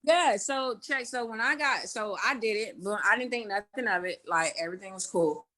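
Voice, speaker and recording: Speaking in a pushed, bright mid-range voice, this interview guest, a young woman from Indiana, recounts her experiences frankly. She curses freely, leans on fillers, and tosses in rapid side comments.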